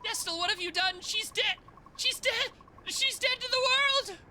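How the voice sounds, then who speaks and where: A man voicing an excitable, cheeky young female fairy sidekick in a video game, exclaiming indignantly. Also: very high-pitched, moderate pace, a little hiss or hum, voice pushed up, full character voice. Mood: outraged.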